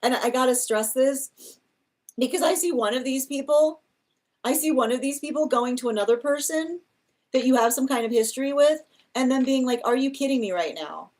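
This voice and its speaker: A woman's voice: high voice, moderate pace, a little mellow. Rambling, exasperated woman reading tarot. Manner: rambling, many restarts, exasperated asides; laughs often while mocking. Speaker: tarot reader.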